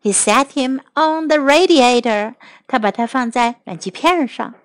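A woman teacher reading a children's story aloud in two languages, clear and expressive. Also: high voice, no echo. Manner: clear, expressive, slow English then Chinese.

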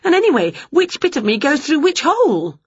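Woman doing a squeaky, excitable witch. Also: fairly quick, dry recording, lo-fi sound. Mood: excited. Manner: excitable, exclamatory. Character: dizzy, cheerful middle-aged witch woman.

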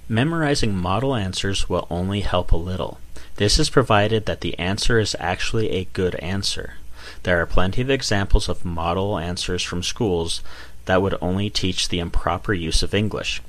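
A man, an exam examiner, explaining test matters in a measured, scripted way. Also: deep voice, fairly bright tone. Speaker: IELTS examiner.

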